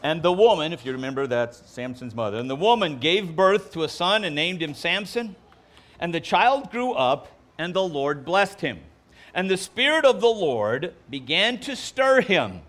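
A man preaching a sermon, delivering jokes in an animated, playful way before reading scripture. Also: on the high side, moderate pace. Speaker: pastor.

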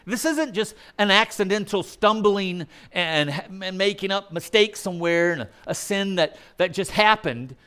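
Animated male preacher with a lively voice. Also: sits high, moderate pace, hardly any pauses, clear, resonant tone. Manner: conversational, asks the congregation questions. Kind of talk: sermon.

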